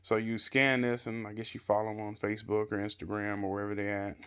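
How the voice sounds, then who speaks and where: This Chicago-area man talks quickly in a lowish, clear, resonant voice with a level, fairly bright tone. He's casually reviewing a gaming chair while assembling it at home, recorded on a handheld camera mic, and his unscripted chatter rambles with plenty of "I guess" and "you know."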